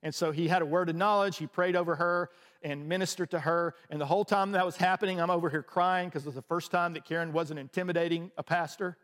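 A man's voice: fairly high pitch, fairly even intonation, quick pace, a bit bright, long reverb tail. A man preaching a sermon as a pastor, telling a personal story in a conversational way with frequent restarts.

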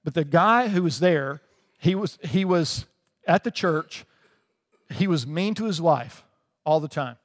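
A man with a high voice delivers a casual, conversational sermon, stopping often to check in with his listeners. The sound rings through a large hall with a long reverb tail, the way it would be picked up in a church sanctuary. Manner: conversational preaching with frequent "right?" asides. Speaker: pastor.

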